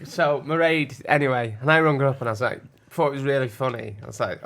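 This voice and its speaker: A man co-hosting a podcast, telling stories in quick, casual banter with frequent restarts. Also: mid-range voice, creaky, fairly bright tone. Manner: chatty, quick storytelling with restarts. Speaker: podcast co-host.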